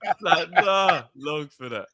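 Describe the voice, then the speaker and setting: A man's voice: on the high side, expressive, takes it slowly, crowd noise. A man from telling a story in laid-back slang as a co-host of a casual podcast chat. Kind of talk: casual banter.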